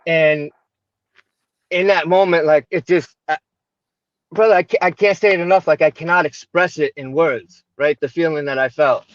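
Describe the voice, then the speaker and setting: American guy, raised pitch, dry close sound, chatty storyteller full of fillers and tag questions, voices the other people in his story. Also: normal speed, dry recording. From United States. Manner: animated, retells dialogue, many fillers and tag questions. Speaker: livestream guest. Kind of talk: personal storytelling in conversation. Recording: dull lo-fi livestream audio.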